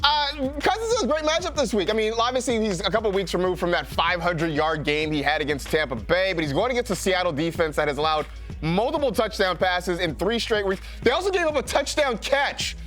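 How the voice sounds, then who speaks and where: Playful high-voiced football show man. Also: expressive, fairly quick, fairly bright tone, soft background music. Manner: playful, rambling, chuckling. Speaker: fantasy football show co-host. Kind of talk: animated sports banter.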